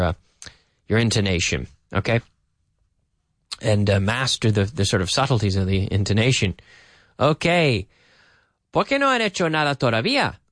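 A man teaching an English lesson, repeating phrases slowly and then explaining them. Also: on the low side, fairly bright tone, no echo, clean studio sound.

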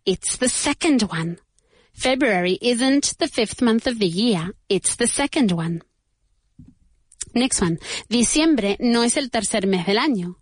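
A woman teaching English pronunciation to beginners, saying each word slowly and repeating it. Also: fairly high pitch, animated, husky, dry recording, clean studio sound. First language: Spanish. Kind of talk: bilingual pronunciation lesson for beginners.

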